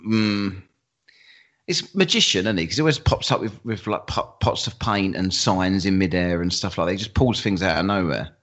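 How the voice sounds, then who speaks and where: A man's voice: low-pitched, moderate pace, a bit bright. A man hosting a podcast in casual chat, teasing his co-host and swearing freely.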